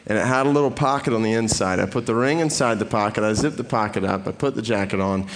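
A middle-aged man from the Atlanta area giving a sermon, telling a personal story in an animated way before he reads scripture. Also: lowish voice, fast, a little hiss or hum. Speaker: preacher.

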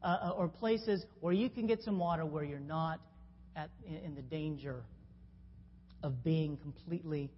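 A woman preacher giving a sermon, telling a story in an animated way, with restarts and sudden jumps in pitch. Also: normal speed. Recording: dull sound in a long-reverb hall with faint noise.

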